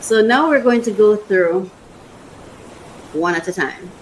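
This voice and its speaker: A woman's voice: mid-range voice, animated, slow pace, a little hiss or hum, rough recording. A woman hosting a casual unboxing vlog, rambling, emotional and repeating herself. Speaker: podcast host.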